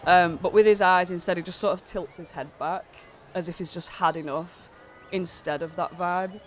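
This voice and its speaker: A man's voice: high voice, fairly even intonation, normal speed, a little hiss or hum. A man narrating as game master of a tabletop game, rambling with lots of fillers while he has a cold.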